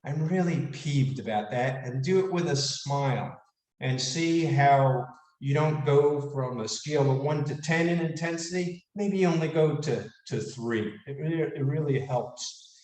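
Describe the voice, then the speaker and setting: An animated man gives a casual motivational lecture and throws questions at his listeners. His voice sits a little high for a man. He is recorded from some distance in an echoey room. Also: a little slow. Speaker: speaker giving a leadership talk.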